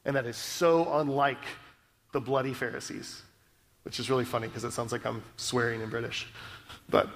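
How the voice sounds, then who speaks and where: In a large hall, a male pastor with a medium-pitched voice and lively intonation preaches at a measured pace, pausing often. He's earnest and conversational, regularly checking in with the congregation with "right?" asides.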